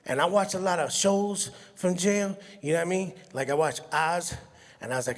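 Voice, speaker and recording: A man, doing an animated, self-mocking stand-up comedy set and laughing at his own jokes. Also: high voice, moderate pace. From Brooklyn, New York. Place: large hall on stage. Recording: echoey hall sound.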